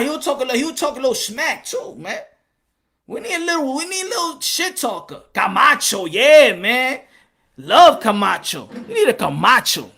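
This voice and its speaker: A man ranting about boxing in an animated, profane style, breaking into hype-man shouts. His voice is high and bright. He laughs often between points. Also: vocal fry. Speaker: boxing vlogger. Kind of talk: animated boxing commentary rant.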